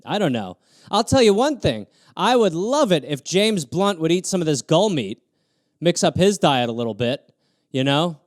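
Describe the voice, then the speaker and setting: A man with a fairly high voice riffs alone on viewer prompts, sarcastic and animated. The sound is dry and close, with no room around him. He jumps between rants and quick mock asides. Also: dry recording. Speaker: comedian host riffing on viewer prompts. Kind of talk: solo improvised comedy riff on a livestream.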